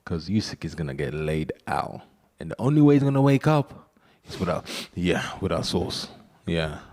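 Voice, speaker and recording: Joking, animated boxer. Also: male voice, sits low, normal speed. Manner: joking, animated storytelling, laughs often. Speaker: boxer, interview guest. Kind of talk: casual interview banter.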